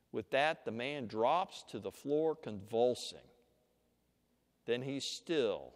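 A man preaching a sermon, teaching slowly and deliberately with dramatic pauses and leading listeners through an imagined scene. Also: mid-range voice, lively intonation. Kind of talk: sermon with guided imagination exercise. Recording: long hall reverb.

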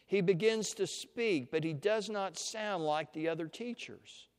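A man preaching a sermon, teaching slowly and deliberately with dramatic pauses and leading listeners through an imagined scene. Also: high voice, smooth. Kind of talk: sermon with guided imagination exercise. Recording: long hall reverb.

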